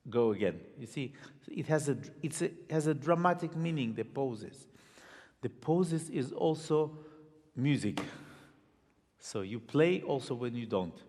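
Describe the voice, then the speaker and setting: Slow-talking man coaching a violinist. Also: mid-range voice, a little mellow. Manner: sings phrases in syllables between instructions; earnest, imagery-rich explaining. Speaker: violin teacher giving a master class. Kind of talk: master class coaching. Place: conservatory hall. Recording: reverberant hall with violin.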